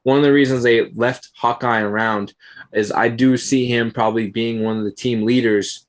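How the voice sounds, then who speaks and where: A man's voice: medium pitch, steady tone, moderate pace. A man co-hosting a casual chat, speaking steadily and measuredly with lots of fillers. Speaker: podcast co-host.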